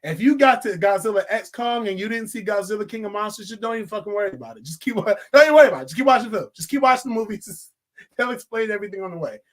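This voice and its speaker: Young man, high voice, casual film review vlog, excitable, profane, laughs a lot. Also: racing. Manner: animated, swearing, laughing often.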